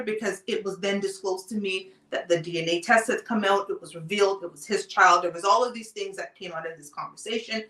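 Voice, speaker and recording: A woman hosting a live talk show, telling a personal story in a calm, deliberate way. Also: medium pitch. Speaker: host. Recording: roomy sound, off-mic distance.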